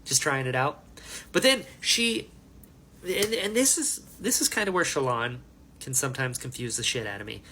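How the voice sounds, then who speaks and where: A young man hosting a casual book reaction, chatty and animated, acting out quotes as he recaps. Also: mid-range voice, moderate pace, slight background noise.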